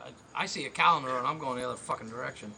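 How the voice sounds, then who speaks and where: A man co-hosting a comedy podcast, chiming in with jokes and halting stories. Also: medium pitch, vocal fry, pushed and bright. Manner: chimes in with jokes, halting restarts. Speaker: podcast co-host. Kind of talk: casual banter.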